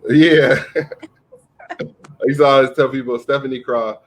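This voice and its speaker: Man, mid-pitched, easygoing live-stream host who laughs a lot. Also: steady tone, measured pace, a little hiss or hum. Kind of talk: casual chat.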